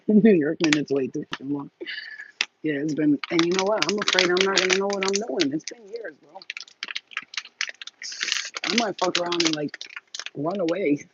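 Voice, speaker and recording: A woman's voice: lowish voice, normal speed, pauses often, highs cut off, very noisy. A woman in her forties telling crude, frank stories to a phone camera, laughing often. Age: 40s. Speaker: channel host. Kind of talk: candid storytelling to camera.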